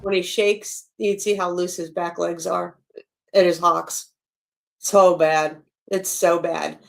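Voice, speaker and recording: A woman's voice: lowish voice, level tone, takes it slowly, gravelly. Woman streamer roasting a dog breeder's video, blunt and scornful, swears a bit. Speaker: stream host reacting to a video. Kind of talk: critical commentary, casual.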